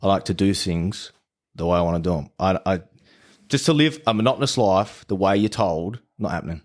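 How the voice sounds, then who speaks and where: A man's voice: deep voice, expressive, brisk. An Australian man telling his story as a podcast guest in a casual, laid-back way and swearing freely. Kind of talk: casual chat.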